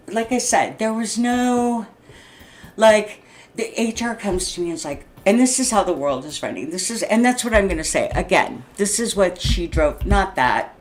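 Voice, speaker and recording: Agitated, laughing woman in her sixties. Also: on the low side. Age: 60s. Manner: agitated, laughs often, profane, rambling restarts. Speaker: vlogger. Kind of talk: unscripted venting monologue.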